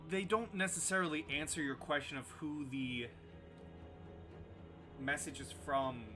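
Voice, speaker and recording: A man's voice: on the high side, a little slow, over music. A man running a tabletop game as game master, narrating casually with frequent fillers.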